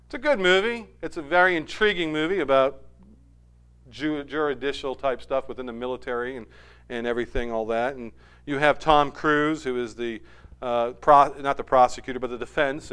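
A male pastor reading scripture and preaching a sermon, telling stories animatedly and building to loud, emphatic peaks. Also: medium pitch, smooth.

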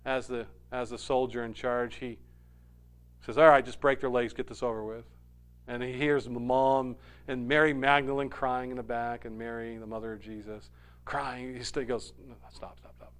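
A man preaching a sermon, animated, dropping to a hush and rising loud when he acts out quoted lines. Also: medium pitch, moderate pace, clear, resonant tone. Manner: animated, swings from hushed to loud when quoting. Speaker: pastor.

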